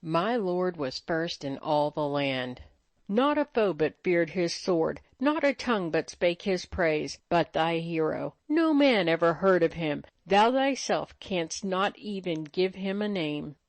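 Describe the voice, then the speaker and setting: A woman's voice: on the low side, expressive, takes it slowly, no room sound. A woman voicing a proud, scornful noblewoman feared as a witch, speaking mockingly in archaic speech.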